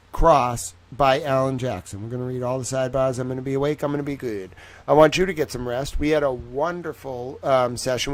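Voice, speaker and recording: A tired young man hosting a late-night live stream, rambling playfully and chatting with viewers by name. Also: mid-range voice.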